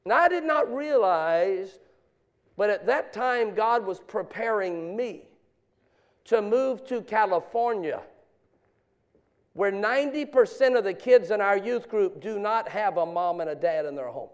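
Middle-aged male preacher with a high voice; sermon delivery that drops to hushed storytelling, then rises to shouted exhortation. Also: expressive, measured pace. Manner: swings from quiet confessional storytelling to loud preaching. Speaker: pastor.

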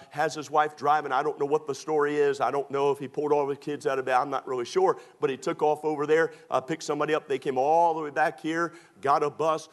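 A man, preaching a sermon in a folksy, humorous way, acting out the dialogue of his stories. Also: fairly high pitch. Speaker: pastor. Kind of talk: storytelling sermon.

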